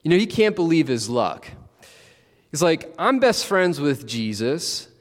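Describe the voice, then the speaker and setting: Slow-talking man preaching in a hall. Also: a little high, big pitch swings. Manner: conversational, acts out the disciples with playful asides. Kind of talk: sermon.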